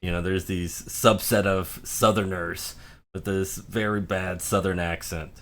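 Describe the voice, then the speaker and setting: A man's voice: sits low, fairly even intonation, fairly bright tone. A man co-hosting a film podcast, chatting casually and laughing often, now and then mimicking other voices. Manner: laughing, enthusiastic, does quick mock voices. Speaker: podcast co-host. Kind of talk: casual chat.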